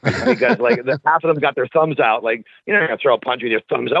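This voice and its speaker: A man in his forties, a podcast guest telling stories in a profane, animated way and often restarting his words. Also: mid-range voice, quick pace, vocal fry, slightly rough, no echo. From Canada. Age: 40s. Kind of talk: casual storytelling chat. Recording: tinny phone-like line.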